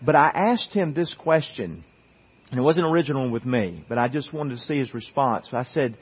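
A male pastor delivers a relaxed, storytelling sermon, often restarting his sentences and turning to the congregation. His voice is somewhat husky. The recording is dull and lo-fi, with a long hall reverb behind him. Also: mid-range voice, moderate pace. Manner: conversational, many restarts and asides to the congregation.

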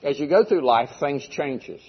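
An older male pastor delivers a sermon in a husky voice, pressing his points by repeating them. The recording sounds dull and muffled, as if taped in the church room. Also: fairly high pitch, animated, measured pace. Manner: preaching with emphatic repeated phrases.

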